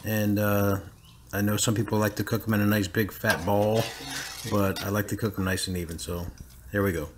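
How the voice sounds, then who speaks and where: Relaxed man narrating a campsite cook. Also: on the low side, moderate pace, noisy background. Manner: relaxed, matter-of-fact, sharing tips. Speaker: cooking vlogger. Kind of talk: voice-over narration.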